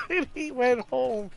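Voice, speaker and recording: A man chatting casually while playing a video game, telling a low-key story and laughing along. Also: vocal fry, noisy background. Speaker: gamer. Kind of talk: casual chat over gameplay.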